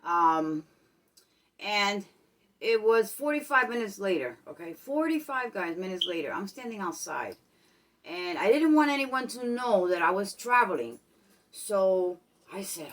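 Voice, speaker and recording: A woman's voice: mid-range voice, sing-song, unhurried, distant mic. A woman from New York with a New York accent, vlogging in a chatty way and tagging her sentences with "okay?" and "guys". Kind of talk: casual vlog monologue.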